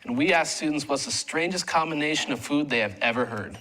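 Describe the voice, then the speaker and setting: A man's voice: fairly high pitch, expressive, a little fast, pushed and bright, rough recording. A man co-anchoring a student newscast with a dry, teasing manner. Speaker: news anchor.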